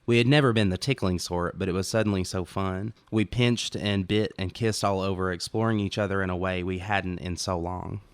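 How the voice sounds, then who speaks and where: Male author-narrator, low and resonant, calm first-person audiobook read, dry studio sound. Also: moderate pace, hardly any pauses, clean tone, no room sound. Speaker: author reading own story.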